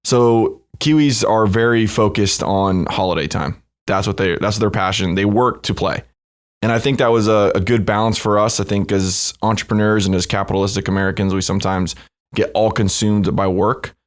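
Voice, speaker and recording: Relaxed man, lower voice, podcast guest, conversational, lots of fillers. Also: moderate pace. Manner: easygoing, conversational, with frequent fillers. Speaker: podcast guest, company co-founder. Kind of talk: casual podcast interview.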